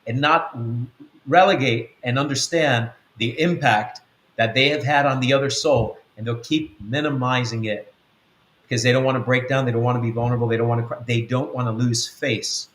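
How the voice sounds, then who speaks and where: A man teaches in an earnest, repetitive way, driving each point home and slipping into quoted voices. His voice sits at an ordinary mid pitch. The room adds a noticeable echo. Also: fairly even intonation, moderate pace, fairly bright tone. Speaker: apostle. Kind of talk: spiritual teaching talk.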